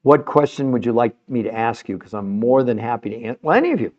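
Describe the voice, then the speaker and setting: Guy hosting a live health stream, passionate, kinda emotional, dark mellow voice, dull lo-fi sound. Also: medium pitch, a little fast. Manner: passionate, emotional, pleading with viewers. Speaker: podcast host.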